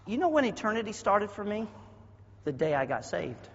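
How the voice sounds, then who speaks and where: A man from the American South with a Southern accent, preaching a sermon as pastor with a husky voice, dropping to quiet asides and then bursting into loud shouted passages. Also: high voice, very animated, normal speed. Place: church sanctuary. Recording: dull audio with long hall reverb.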